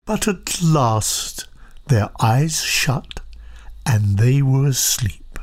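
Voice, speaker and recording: A storyteller reading a children's picture book aloud, soft and often half-whispered. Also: medium pitch, big pitch swings, extremely slow.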